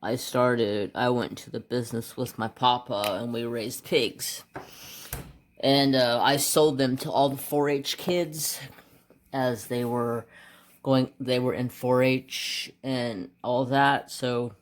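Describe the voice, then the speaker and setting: While coloring, a craft channel host from the United States chats slowly, bouncing between which colors to use and a lengthy childhood tale. His voice stays at a normal middle pitch, quiet and muttering as he decides, louder and more lively once the story takes off.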